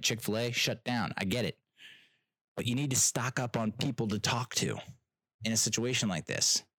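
A man's voice: mid-range voice, fairly bright tone, dry recording, studio quality. A young man telling a travel story as a casual rant, exasperated and sarcastic, laughing often and swearing.

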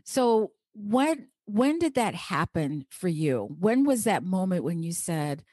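A woman's voice: lowish voice, very animated, takes it slowly, few pauses, a little mellow, dry recording, clean studio sound. A woman hosting an interview, asking questions in a sympathetic, conversational way. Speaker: interview host. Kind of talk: podcast interview.

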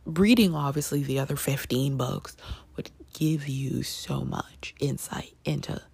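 A woman chatting casually as she reviews a book, gushing with lots of fillers and sudden excited jumps in pitch. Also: measured pace, vocal fry, breathy edge.

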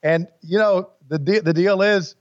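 A man's voice: high voice, measured pace, dry recording. A man co-hosting a casual podcast, laid-back and rambling, calling people buddy. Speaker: podcast co-host. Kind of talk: casual chat. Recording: dull dry sound.

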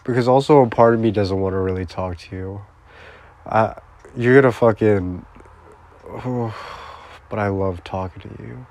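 A man's voice: fairly low pitch, a little slow, gravelly, long pauses, darkish tone. A man crying as he records a rambling, profane, heartbroken personal voice message.

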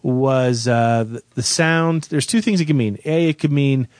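A man hosting a casual podcast about music, explaining facts about a band in a relaxed, informative way. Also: medium pitch, measured pace, no echo, clean studio sound. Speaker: host. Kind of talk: casual radio podcast chat.

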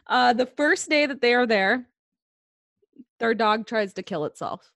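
A woman's voice: on the high side, unhurried, fairly bright tone, no echo. Woman telling a spooky story casually. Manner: laid-back storytelling with fillers and swearing, laughs easily. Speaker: podcast co-host telling a true-crime story.

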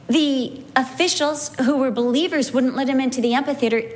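Animated woman teaching a Bible lesson. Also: high voice. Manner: animated storyteller, slows for emphasis. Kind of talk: sermon teaching with anecdotes.

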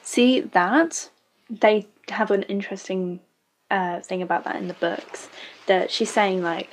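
A woman's voice: mid-range voice, a little slow. Sarcastic woman reacting to a show. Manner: sarcastic, blunt, swears freely. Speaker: show reviewer. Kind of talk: casual reaction commentary.

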